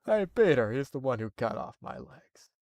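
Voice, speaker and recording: A man putting on an impression of a gruff, gung-ho middle-aged cartoon cop, stuck in one emphatic inflection. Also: mid-range voice, very animated, normal speed, no room sound, highs cut off.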